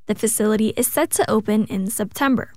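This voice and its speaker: A woman reporting for a radio news station, reading a scripted story in a crisp, even way. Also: medium pitch, brisk, no echo.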